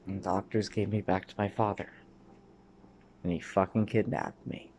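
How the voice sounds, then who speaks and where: A man in his thirties from Canada drifts through his memories in a rambling monologue, cursing often and now and then dropping to a mutter or whisper. His voice sits on the low side, a little mellow, with a steady tone at normal speed. Slight background noise can be heard.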